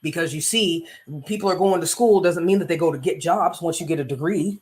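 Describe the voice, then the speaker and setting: A man's voice: on the high side, brisk, hardly any pauses, darkish tone, slightly rough. A man hosting a casual live stream as a coach, rambling and preachy with self-interruptions, who recites psalms aloud.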